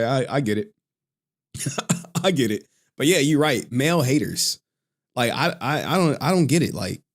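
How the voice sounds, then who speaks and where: A man chatting casually on a live stream, loose and profane, laughing often and reading out chat messages. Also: mid-range voice.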